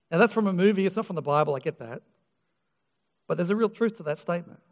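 Earnest preacher with a high voice. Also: male voice, animated, fast talker, long pauses. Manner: earnest, emphatic, with repeated restarts and self-deprecating humour. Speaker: pastor. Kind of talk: sermon. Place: church. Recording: dull lo-fi sound with long church reverb.

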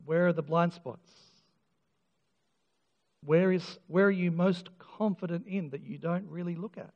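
Earnest preacher with a high voice. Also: male voice, unhurried. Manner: earnest, emphatic, with repeated restarts and self-deprecating humour. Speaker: pastor. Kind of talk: sermon. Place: church. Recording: dull lo-fi sound with long church reverb.

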